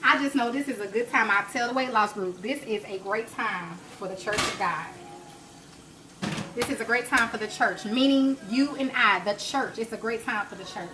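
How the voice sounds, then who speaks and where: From her home kitchen, a woman in her 30s streams a cooking show live, talking casually with viewers while pressing them to pray and hold to their faith. Her voice is a little high and her pace moderate, over some background noise.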